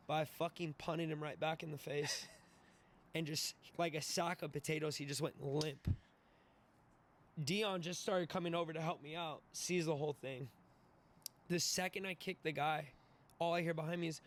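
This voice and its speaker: A fairly high-pitched young man in his twenties tells a wild story as a podcast guest, casual in style, animated, profane, laughing as he imitates the voices. Slight background noise can be heard.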